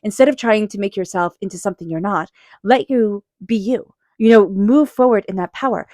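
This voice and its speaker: A woman talks through a tarot reading in a relaxed, earnest way, encouraging the listener and circling back with repeated phrases and fillers. Her voice sits at a middle pitch. The recording is dry and close, with no room sound. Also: brisk, no echo. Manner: quiet repeated chanting while shuffling. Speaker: tarot reader. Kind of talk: casual spoken tarot reading.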